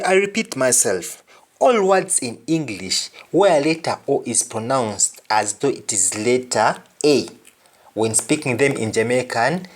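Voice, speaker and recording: A man giving a pronunciation lesson, speaking deliberately and saying each word twice to compare sounds. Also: mid-range voice. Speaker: language teacher.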